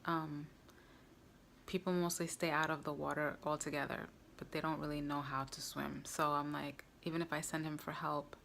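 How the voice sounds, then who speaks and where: A woman's voice: deep voice, level tone, moderate pace, vocal fry, fairly bright tone, slight background noise. A woman vlogger earnestly recounting a personal story to camera, with frequent fillers.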